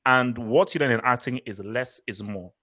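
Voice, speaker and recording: An opinionated man leads a casual film review chat. He speaks at a middle pitch for a man and strings his points together in long run-on thoughts. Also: moderate pace, bright, forceful tone.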